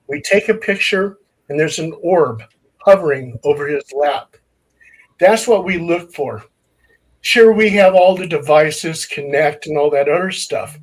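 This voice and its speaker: Husky man telling ghost-hunting stories. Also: on the high side, expressive, a little slow, poor audio. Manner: acts out quoted dialogue in his stories. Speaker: paranormal investigator. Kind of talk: anecdotal storytelling.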